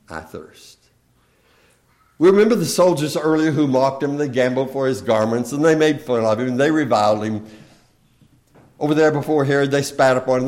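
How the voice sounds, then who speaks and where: Male preacher, mid-pitched, emphatic sermon delivery that swells and drops, plainspoken. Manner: slow and emphatic, swelling loud then dropping very soft; plainspoken storytelling of scripture.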